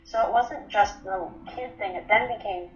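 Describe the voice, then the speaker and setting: A woman's voice: mid-range voice, normal speed, a little hiss or hum. Candid woman in her twenties, roomy sound. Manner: candid, matter-of-fact recounting with frequent ums. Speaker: interviewee. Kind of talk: personal story in an interview. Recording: roomy, slightly dull recording.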